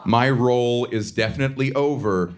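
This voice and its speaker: A man from the Southern US performing a stand-up comedy set on a theater stage, with a sardonic, punchy delivery and sudden high-pitched outbursts. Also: moderate pace. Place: theater stage before a live audience. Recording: live stage recording with audience noise.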